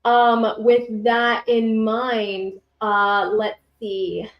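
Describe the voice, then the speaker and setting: A woman's voice: a little high, level tone, drawn-out words, dull audio. A woman narrating as game master of a tabletop game, rambling, correcting herself and adding sound effects.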